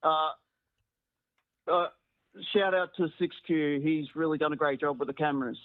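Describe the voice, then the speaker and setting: An Australian man with a fairly high voice trades deadpan jokes in a casual chat. He comes through a thin, phone-like call line. The sound is dry, with no room echo. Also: moderate pace.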